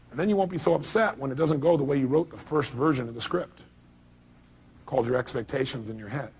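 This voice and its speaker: Husky, emphatic motivational speaker, male. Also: mid-range voice. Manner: emphatic, quizzes the audience with questions. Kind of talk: motivational seminar talk.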